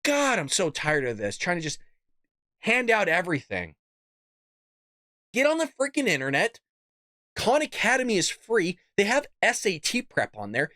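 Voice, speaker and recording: Man, show host, blunt political rant, lively pitch, dry room. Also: normal speed, long pauses, dry recording. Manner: blunt, fired-up, cusses.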